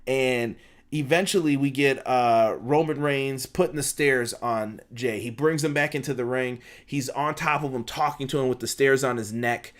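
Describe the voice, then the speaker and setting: A young man reviewing a wrestling show in a casual, slangy way, excited and briefly acting out what the wrestlers said. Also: mid-range voice. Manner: excited, slangy, acts out quotes in quick asides. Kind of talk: casual fan review recap.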